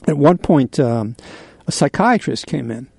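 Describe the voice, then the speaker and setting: A man in his sixties hosting a radio show, telling a candid personal story in a halting way with many pauses and fillers. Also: medium pitch, animated, creaky, a little mellow, husky, no echo. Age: 60s. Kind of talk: confessional radio monologue.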